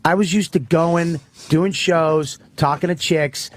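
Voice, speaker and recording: A comedian rants through a story on a radio show, swearing constantly. His voice sits a bit high. The studio sound is dry, with no room echo. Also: fairly even intonation, slow pace. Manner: profane, ranting storyteller. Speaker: comedian guest. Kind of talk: casual radio talk.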